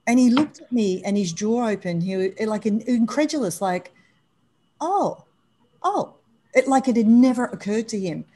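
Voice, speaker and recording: A woman speaking as a guest on a podcast, telling candid stories in an animated, emphatic way. She laughs easily and moves between hushed asides and loud bursts. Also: mid-range voice, fairly quick, few pauses, slightly rough, poor audio. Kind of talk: candid conversational storytelling.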